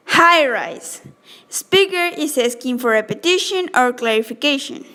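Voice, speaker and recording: A woman's voice: sits high, unhurried, a bit bright. A woman reading out example sentences in a class presentation on English stress and intonation. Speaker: student presenter.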